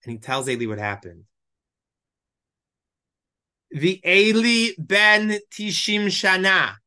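A man teaching a Bible lesson verse by verse, reading lines aloud and explaining each in English. His voice is bright and clear, and his delivery is emotional, sometimes choked up. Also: high voice, animated, slow pace. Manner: reads Hebrew verses then explains in English. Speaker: Torah teacher. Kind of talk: text study lesson, translating verse by verse.

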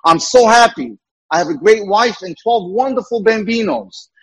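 A man voicing a cheerful, grateful man just released from prison, with an Italian accent and a gushing, drawn-out delivery. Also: high voice, a bit bright, breathy edge, voice pushed up, rough recording.

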